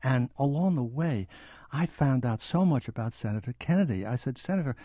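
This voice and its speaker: A man's voice: medium pitch, animated, brisk, mellow, no echo, studio quality. An older man, an author and historian, reading from his book and then answering interview questions with many small restarts.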